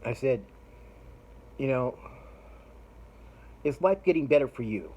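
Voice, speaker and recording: A man's voice: mid-range voice, lively intonation, slow pace, a little mellow, slightly rough, low-quality recording. A middle-aged man hosting a podcast, telling a rambling, profane story in a casual monologue. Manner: profane, rambling, laughs while retelling. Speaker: podcast host.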